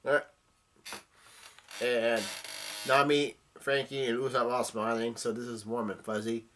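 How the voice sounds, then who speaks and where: A man casually recapping a comic chapter, halting and full of fillers as he goes. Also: mid-range voice, flat delivery, fairly bright tone, slight background noise. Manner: halting, with many fillers and restarts. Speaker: manga reader and recapper.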